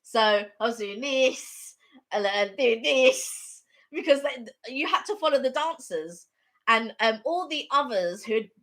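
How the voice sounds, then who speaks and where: A woman's voice: on the high side, expressive, a little slow, a bit bright. A woman co-hosting a casual live stream chat, telling a long rambling story with lots of repetition.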